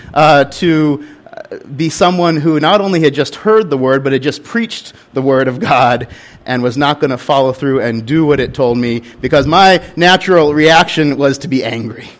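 A man's voice: fairly high pitch, normal speed. Earnest young male pastor preaching. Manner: earnest, candid storytelling with frequent restarts. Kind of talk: sermon.

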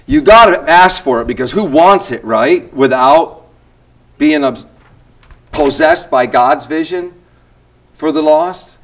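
A man's voice: on the high side, animated, takes it slowly, long pauses, fairly bright tone. An older man leading a church group session, talking in a casual, rambling way with restarts and self-deprecating asides.

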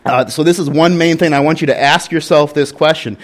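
A man's voice: a little high, a little fast. A young man, a pastor, preaching a sermon and telling a candid story in an earnest way.

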